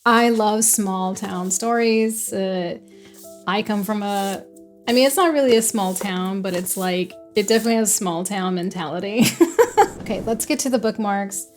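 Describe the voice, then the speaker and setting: A woman's voice: mid-range voice, normal speed, a little mellow, soft background music. A young adult woman casually chatting as a book vlogger who giggles and rambles between thoughts. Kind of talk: casual unboxing chat.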